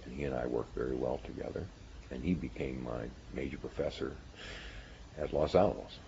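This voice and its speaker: A man's voice: rumbling low, brisk, gravelly, highs cut off, a little hiss or hum. An older man who is a physicist, telling stories from his graduate school years and chuckling at times. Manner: warm storytelling with chuckles. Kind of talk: reminiscing interview.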